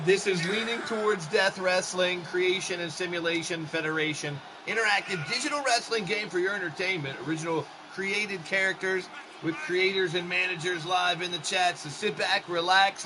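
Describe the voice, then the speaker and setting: A man doing joking, excitable solo play-by-play for a wrestling game show he hosts. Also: moderate pace, background noise. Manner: excitable, joking, shouts and jumps in pitch at big moments. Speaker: wrestling commentator and show host.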